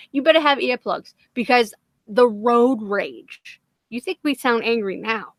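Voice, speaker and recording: Her voice runs a little high with a fairly bright tone, captured in a dry recording. She's a livestream host from Massachusetts with a Boston accent, keeping things casual, cursing constantly, and rambling with self-deprecating humor.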